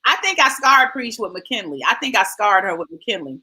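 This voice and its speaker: A woman in her forties hosting a casual chat, telling lively stories and acting out quotes. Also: mid-range voice, moderate pace, poor audio. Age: 40s. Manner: animated storytelling, acts out quotes. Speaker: host.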